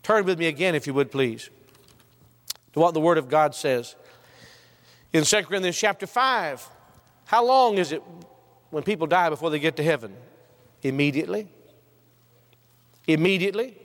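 A man preaching a sermon, quoting scripture and last words, swelling to impassioned highs and dropping low. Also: lively intonation, moderate pace, long pauses, fairly bright tone, long reverb tail.

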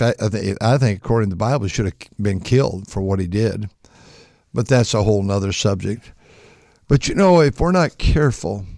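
An older man, a pastor, preaching a folksy sermon with frequent restarts, acting out quoted voices in a higher pitch. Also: darkish tone, no echo, clean studio sound.

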